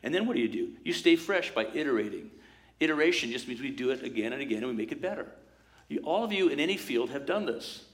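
A man's voice: medium pitch, quick pace. Conversational male pastor preaching. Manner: lively, conversational, acts out quoted voices. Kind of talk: sermon.

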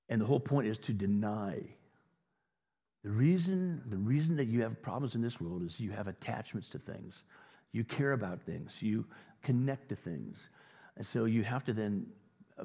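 Husky-voiced male pastor preaching in a hall. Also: lowish voice, mellow. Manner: conversational preaching, acting out imagined voices. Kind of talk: sermon.

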